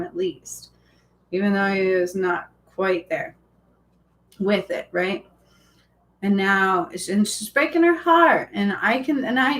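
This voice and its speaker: A woman's voice: medium pitch, poor audio. A woman in her thirties who works as a spiritual healer, talking in a rambling, emotional way on a casual live stream, full of fillers and restarts.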